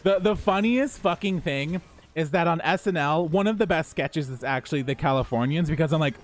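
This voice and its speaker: A man streaming live from home, chatting casually with his viewers while he plays. He talks in a lively, profane way and laughs often. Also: fairly high pitch, brisk.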